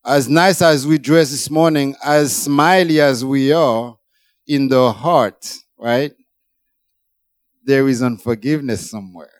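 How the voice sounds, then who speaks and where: A man preaching a sermon, emphatic, rising high for emphasis and then dropping low. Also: slow pace, no echo.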